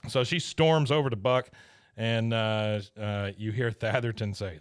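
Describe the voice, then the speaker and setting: A man's voice: on the low side, measured pace, smooth, no room sound, studio quality. A man co-hosting a podcast, casually retelling a cartoon episode with lots of laughs. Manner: animated retelling, quoting characters with laughs. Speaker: podcast co-host recapping an episode. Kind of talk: casual recap chat.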